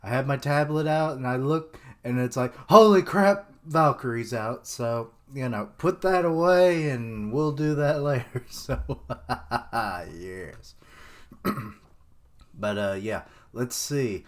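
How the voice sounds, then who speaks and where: Slow-talking rambling man reacting. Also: medium pitch. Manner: rambling, chuckling, many fillers. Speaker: manga reaction streamer. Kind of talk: casual live reaction commentary.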